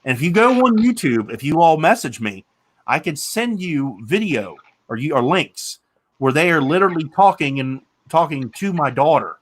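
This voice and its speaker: A man's voice: a little high, very animated, normal speed. A man in his thirties hosting a casual chat, telling rambling stories and swearing casually. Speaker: podcast host.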